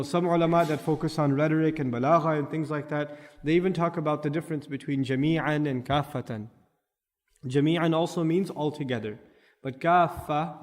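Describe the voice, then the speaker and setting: A man's voice: fairly high pitch, fairly quick, a little mellow, big-room sound. A man giving a Quran commentary lecture, explaining Arabic terms and growing impassioned as he speaks. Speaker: Quran teacher. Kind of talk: tafsir lecture.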